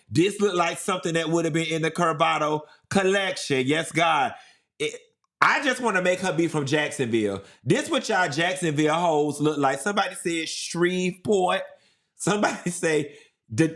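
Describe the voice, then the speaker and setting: A man's voice: on the high side, a little slow. Sassy man doing live gossip commentary. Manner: sassy, animated, repeating for emphasis. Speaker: livestream host.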